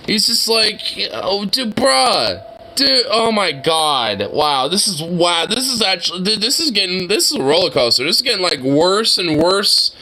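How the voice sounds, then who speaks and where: A man's voice: high voice, big pitch swings, normal speed, few pauses, pushed and bright, rough recording. A man reacting to a video with casual, profane, exasperated commentary full of fillers.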